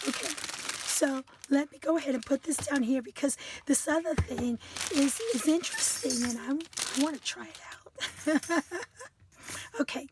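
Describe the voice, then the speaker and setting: A hoarse woman with a high voice shows off craft supplies in an unhurried, rambling way. She is losing her voice, so much of it comes out strained and half-whispered. There is a faint hiss behind her. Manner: chatty, enthusiastic, rambling. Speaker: craft vlogger. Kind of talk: casual craft haul chat.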